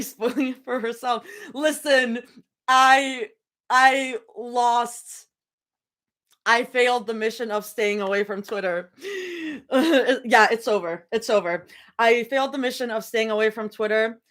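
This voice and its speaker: Young woman on a livestream in her bedroom, kinda high voice, giggly and rambly, yells when she gets excited. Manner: chatty, giggly, rambling, bursts into excited yelling. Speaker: fanfic livestream reader. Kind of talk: casual livestream chat.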